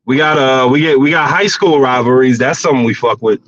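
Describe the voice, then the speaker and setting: A man's voice: medium pitch, fairly quick, fairly bright tone, dry recording. A man from the US Virgin Islands talking bluntly and profanely in a casual chat. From US Virgin Islands (Saint Croix). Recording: dull lo-fi audio.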